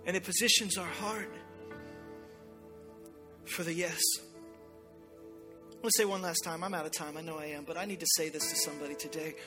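A man's voice: fairly high pitch, flat delivery, normal speed, long pauses, over music. A man preaching a sermon to a church congregation, urgent and impassioned. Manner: impassioned preaching, acting out God's voice in quotes. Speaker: pastor.

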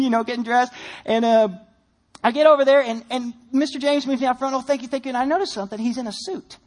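Young guy preaching fast, funny self-deprecating story in church. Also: very high-pitched. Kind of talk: sermon with a personal story. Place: church sanctuary.

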